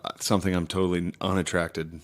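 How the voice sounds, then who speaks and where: A man's voice: low-pitched, flat delivery, fast. A man co-hosting a casual podcast, talking bluntly with dry, swearing quips. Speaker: podcast co-host.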